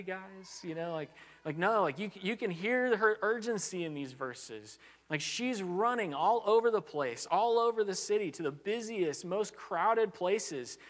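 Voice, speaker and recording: A man preaching in an earnest, conversational way, often restarting and saying "like". His voice sits a little high for a man. The sound carries a long reverb from a church hall. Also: fairly bright tone. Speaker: pastor. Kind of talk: sermon.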